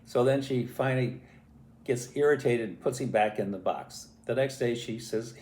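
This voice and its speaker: An older man tells a family story in a casual, animated way, putting on voices and little sound effects as he goes. His voice sits at a middling pitch for a man. The recording has a roomy echo around it. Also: moderate pace.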